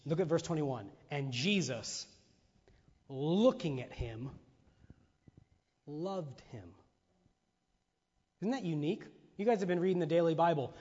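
A man preaching a sermon to his church, animated, acting out voices and firing off rhetorical questions. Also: a little high. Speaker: pastor. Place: church sanctuary. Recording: muffled sound in a reverberant hall.

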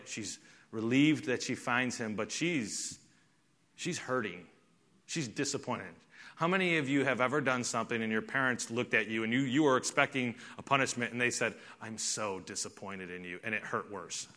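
A middle-aged man preaching a conversational, animated sermon and acting out the people in the story. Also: mid-range voice, brisk. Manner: conversational, animated, acts out quoted voices. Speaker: pastor.

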